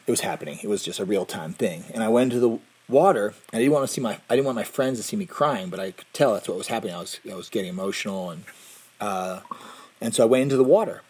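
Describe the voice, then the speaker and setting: A middle-aged man recounts a personal story in a loose, conversational way. His voice has a husky, slightly breathy edge. He restarts and corrects himself often. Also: lowish voice, darkish tone. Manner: rambling, self-correcting, with laughs and restarts.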